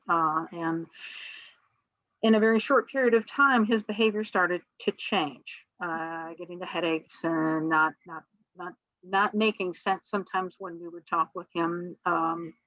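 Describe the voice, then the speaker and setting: A woman's voice: on the low side, no room sound, highs cut off. A middle-aged woman, a guest on an interview show, tells a personal story in a rambling way, full of fillers and restarts.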